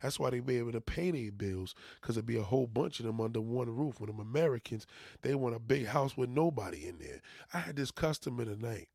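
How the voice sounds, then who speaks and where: A man's voice: medium pitch, animated, a little fast, vocal fry, darkish tone, no echo, clean studio sound. A man who runs a junk removal business, venting to his viewers in a profane, emphatic casual rant.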